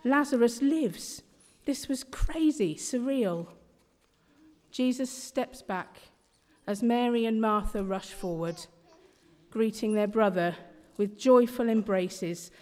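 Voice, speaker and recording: A woman reading a rhyming Bible story in a slow, measured, expressive way. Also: medium pitch. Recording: long hall reverb.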